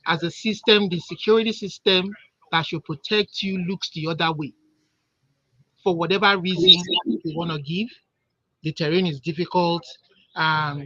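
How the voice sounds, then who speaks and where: Impassioned high-voiced man. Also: fairly bright tone, no room sound. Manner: impassioned, repeats words when stuck. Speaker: caller. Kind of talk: heated call-in commentary. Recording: dull lo-fi call audio.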